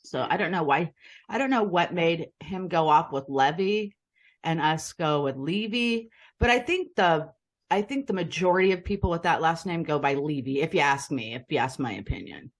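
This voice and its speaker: A woman's voice: sits low, animated, brisk. An American woman with a Philadelphia accent, chatting as an interview guest and rambling easily. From United States. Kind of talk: casual interview chat.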